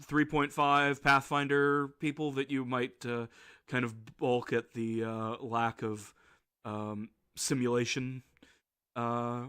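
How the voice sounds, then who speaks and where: A man's voice: medium pitch, flat delivery, slow, pushed and bright, smooth. A man running a tabletop game, chatting hesitantly with plenty of fillers over a video call. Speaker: game master. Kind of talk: casual chat after a tabletop game.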